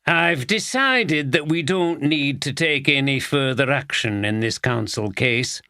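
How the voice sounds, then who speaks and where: A sleazy, smug police officer who drags out his leering remarks, as a man reads him aloud. The voice is pitched a bit above the narrator's, in a dry close recording. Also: lively intonation, a little slow, sharp tone, clear, resonant tone, no room sound.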